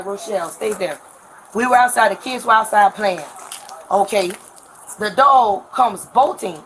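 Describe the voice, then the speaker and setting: A woman gives an officer a heated, cursing account, picked up by a bodycam. Her voice is high and gravelly and swings widely in pitch. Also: fairly bright tone. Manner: heated, cursing, rapid storytelling. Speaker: woman being questioned by police. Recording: bodycam audio.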